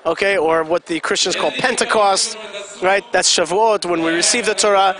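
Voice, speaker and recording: A man's voice: high-pitched, moderate pace, crowd noise. A man giving chatty live commentary at an event, explaining things and putting questions to the audience.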